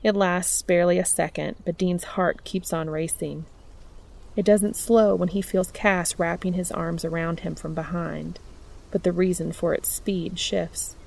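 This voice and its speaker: Woman narrator for a fan fiction audiobook; lowish, gravelly, soft and intimate. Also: fairly even intonation, measured pace.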